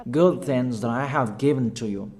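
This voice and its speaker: A man preaching a sermon in halting, non-fluent English, urging his listeners with short, repeated calls. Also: mid-range voice, a little mellow. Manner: emphatic, repetitive exhortation in non-fluent English.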